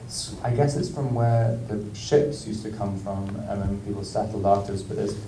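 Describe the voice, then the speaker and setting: A British actor, a festival guest, speaks in an on-stage Q&A in a large room, halting and rambling with lots of fillers and restarts, and he laughs often. His voice is lowish and steady, and the recording is noisy, with roomy hall sound from a distant mic.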